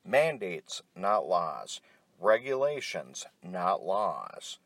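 A man's voice: low-pitched, very animated, extremely slow, a bit bright, dry recording. A middle-aged man delivering an angry, profane rant, blunt and tired. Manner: angry, blunt, heavy swearing.

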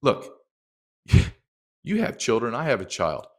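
Impassioned man with a lively voice. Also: mid-range voice, slow pace. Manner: impassioned, emphatic, acts out quotes. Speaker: documentary filmmaker guest. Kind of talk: heated interview talk.

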